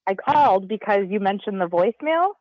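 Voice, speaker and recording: A woman calling in to a radio show, chatting and telling her story in a lively, talkative way over the phone. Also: mid-range voice, brisk, dry recording. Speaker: caller. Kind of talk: casual call-in chat. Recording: slightly muffled phone line.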